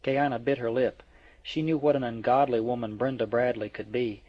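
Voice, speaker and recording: Male amateur reader, even delivery, mid pitch, close dry muffled recording. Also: moderate pace, dry recording. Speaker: audiobook reader. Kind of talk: reading a novel aloud. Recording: dry, dull lo-fi.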